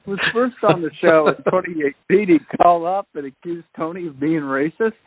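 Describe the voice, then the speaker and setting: Relaxed man chatting over a phone line. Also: fairly high pitch, normal speed. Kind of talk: casual radio chat.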